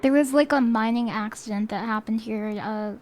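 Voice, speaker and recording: A woman's voice: a little high, moderate pace, a little mellow, slight background noise. A woman streamer in casual chat, playful and rambling, teasing herself as she talks.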